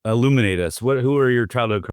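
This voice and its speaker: A man's voice: mid-range voice, quick pace, clear, resonant tone, no echo, clean studio sound. Teasing man in casual podcast banter. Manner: joking, teasing, many fillers and restarts. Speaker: podcast co-host. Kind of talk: casual chat.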